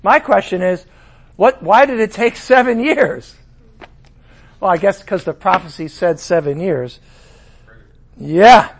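Animated high-voiced man preaching. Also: slow, pauses often, slight background noise. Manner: animated, acts out voices of the figures he quotes. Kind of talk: sermon.

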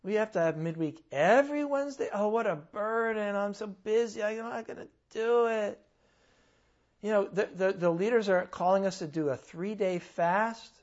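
A man's voice: high voice, lively intonation, a little fast, hardly any pauses, highs cut off. A man preaching mimics a whiny churchgoer who complains that his duties are a burden. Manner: whining, complaining.

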